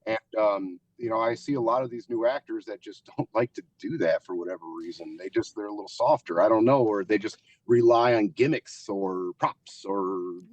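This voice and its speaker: A man's voice: lowish voice, moderate pace, few pauses, a little mellow, no echo, rough recording. A candid, reflective male interview guest. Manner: reflective, candid, with frequent fillers. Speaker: podcast guest, haunt actor. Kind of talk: casual interview chat.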